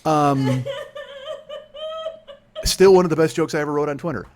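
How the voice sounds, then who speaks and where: A man's voice: a little high, huge pitch swings, measured pace, a little hiss or hum. A man in his forties hosting a comedy podcast, ranting in a rambling, profane way and laughing through his own bits. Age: 40s. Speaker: podcast host.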